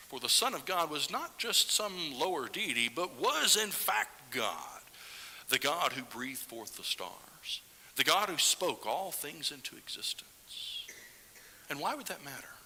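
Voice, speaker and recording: A man preaching a sermon in a church, animated and sometimes dropping to a hushed whisper for emphasis. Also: on the high side, slightly rough, in a large hall, low-quality recording. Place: church sanctuary.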